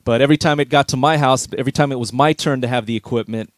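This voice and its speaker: A man's voice: mid-range voice, rapid-fire, no room sound, studio quality. A middle-aged man, a veteran DJ, telling stories in an easygoing, reminiscing way during an interview. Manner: easygoing, reminiscing, chuckles often. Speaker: veteran DJ guest. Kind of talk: relaxed storytelling interview.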